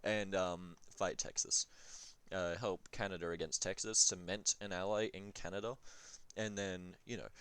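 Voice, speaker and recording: A man's voice: deep voice, fairly even intonation, normal speed, a bit bright, clear, resonant tone, no room sound. A young man rambling through advice on a strategy game, swearing and joking, often trailing off with ums. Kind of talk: casual rambling game commentary.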